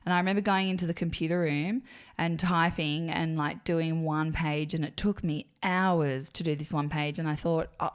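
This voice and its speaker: A woman co-hosting a podcast, chatting casually and telling animated stories. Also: deep voice, normal speed, clear, resonant tone. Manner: animated storyteller, acts out quotes. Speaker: podcast co-host. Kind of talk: casual chat.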